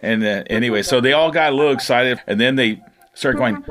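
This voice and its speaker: A middle-aged man, a fisherman, telling his own story in a casual, animated interview, laughing and leaning on "you know.". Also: medium pitch, brisk.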